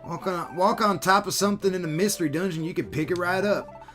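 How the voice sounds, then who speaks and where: A man's voice: high voice, brisk, a bit bright, soft background music. A man voicing a helpful, folksy male Nuzleaf with an American Southern accent, reading the game dialogue aloud. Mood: folksy advice. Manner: folksy, drawling, exclamatory.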